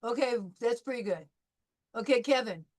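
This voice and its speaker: A woman's voice: fairly high pitch, expressive, darkish tone. Patient woman teacher leading pronunciation drills. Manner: patient, encouraging, calls on students by name; models sounds slowly and repeats them. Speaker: French teacher. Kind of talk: pronunciation drill in a live class.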